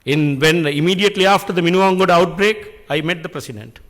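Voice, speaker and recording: A middle-aged man, giving an earnest, deliberate speech at an industry function and posing rhetorical questions. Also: a little high, a bit bright, in a large hall. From Sri Lanka. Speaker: public speaker addressing an industry function. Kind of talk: speech at an event. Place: function hall.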